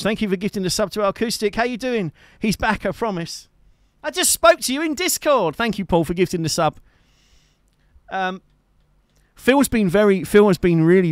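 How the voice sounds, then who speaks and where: A chatty man hosts his live stream in a joking, affectionate way, full of teasing asides. His voice sits high for a man and sounds smooth and clear. The sound is close and dry, from a home studio mic. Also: no echo. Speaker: live-streaming guitarist and host. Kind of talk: casual chat to a live stream audience.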